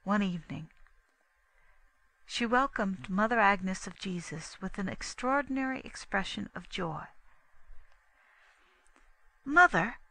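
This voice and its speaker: A woman narrating an audiobook in a measured, even reading. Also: mid-range voice, low-quality recording. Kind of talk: scripted narration.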